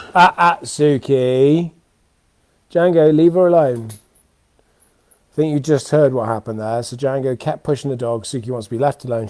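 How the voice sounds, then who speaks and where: A young man with a British accent and a warm mid-range voice rambles off the cuff on his weekly live talk show, filmed at home with his dogs. The casual monologue is peppered with ums and restarts, and there's no echo.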